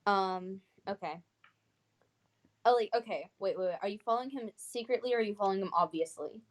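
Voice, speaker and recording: A woman game master narrates a tabletop session at an even, mid-range pitch. She stops often to think, filling gaps with hesitations. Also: brisk. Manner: hesitant, many fillers. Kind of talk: running a tabletop role-playing game.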